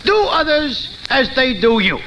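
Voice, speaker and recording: An actor playing a pompous, self-satisfied neighbor giving a speech, in 1940s radio acting. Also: male voice, extremely high pitch, expressive, unhurried, pushed and bright, exaggerated voice. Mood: smug. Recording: noisy old radio recording with audience.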